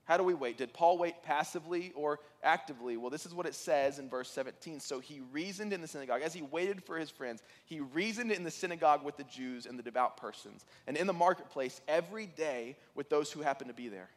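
A man preaching a sermon, telling stories in an animated way that rises to excited peaks. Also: on the high side, fairly quick, few pauses, long reverb tail. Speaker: pastor.

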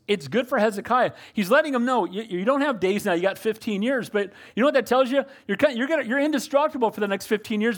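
An older man preaching a sermon as pastor, earnest and calling out to the congregation for amens. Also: high-pitched.

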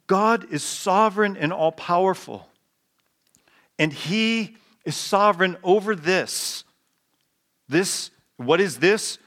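A man preaching to his congregation in an average-pitched voice. He mixes teasing asides to the pews with slow, emphatic readings of scripture. It has the easy, conversational feel of a Sunday sermon. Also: fairly bright tone. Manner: playful, joking asides with the congregation; reads scripture slowly with emphasis. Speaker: pastor. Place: church sanctuary with live congregation.

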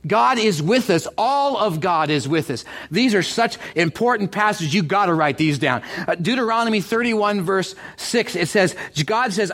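A middle-aged man preaching a sermon as pastor, animated and excitable, often stumbling and repeating words. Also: high voice. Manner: animated, builds to excited bursts.

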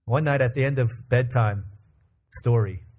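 A man preaching a sermon as pastor, calmly telling a family story and leading the congregation into prayer. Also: medium pitch, normal speed. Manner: calm storyteller who acts out family dialogue.

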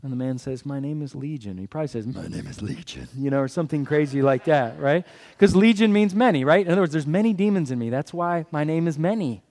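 Animated man preaching with a warm tone. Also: on the high side, quick pace, few pauses. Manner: animated, asks the audience questions and answers them. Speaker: guest pastor. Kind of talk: sermon.

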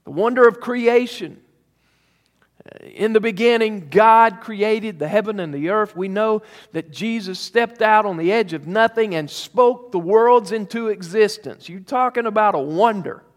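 A male pastor delivers a sermon in a high, bright register, stretching out key words and pausing for emphasis. His emphatic, drawn-out preaching rings through the church sanctuary with a long reverb tail.

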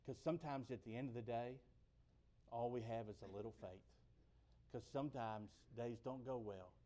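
This sermon comes from a man who talks conversationally, pushing up to loud, emphatic peaks and then easing down low and slow.

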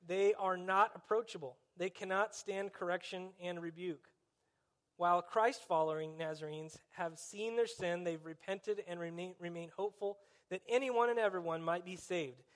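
A man's voice: high-pitched, normal speed. A man preaching a conversational sermon, dropping in wry, sarcastic asides.

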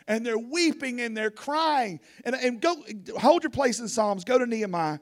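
A man preaching an informal sermon as a guest preacher, animated and rambling, often repeating himself. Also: sits high, normal speed, few pauses.

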